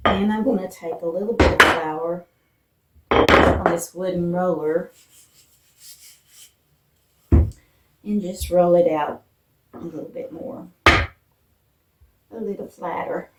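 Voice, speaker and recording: A woman from Appalachia hosting a casual cooking vlog in her home kitchen, chatting homey with fillers, her voice a bit rough from morning. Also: on the low side, fairly even intonation, takes it slowly, pauses often, heavy background noise. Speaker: vlog host. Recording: roomy echo, distant mic.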